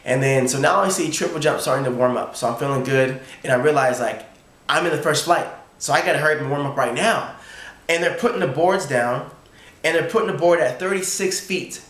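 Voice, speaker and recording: A young man excitedly retelling a sports story in a casual vlog, acting out his own thoughts. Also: on the high side, a little fast, echoey room. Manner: excited, animated retelling with quoted inner thoughts. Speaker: college triple jumper.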